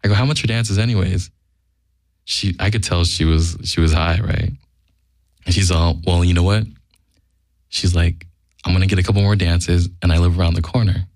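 A man's voice: low voice, steady tone, moderate pace, pauses often, a little mellow, no room sound, studio quality. A man telling a casual, profane anecdote in a blunt way, acting out the quoted lines. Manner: blunt, acts out quoted dialogue. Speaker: guest storyteller.

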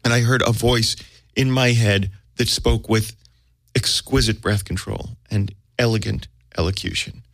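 A man's voice: fairly low pitch, fairly even intonation, a little slow, vocal fry, fairly bright tone, dry recording. An American man, an actor, telling a comic story about himself in a wry, self-mocking way with vivid detail. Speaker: actor guest.

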